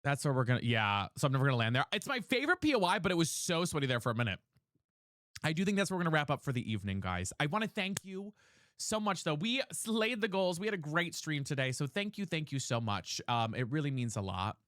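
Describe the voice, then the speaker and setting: Man, bright voice, very lively pitch, dry close sound, gaming stream chatter. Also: fast, no room sound. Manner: animated, swearing, chatty with viewers. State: a little tired. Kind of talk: live gameplay commentary and chat.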